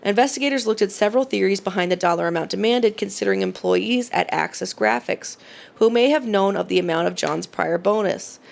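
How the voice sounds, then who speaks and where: A woman's voice: mid-range voice, brisk, vocal fry. A woman co-hosting a podcast, teasing in casual chat and reading long factual case notes. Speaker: podcast co-host.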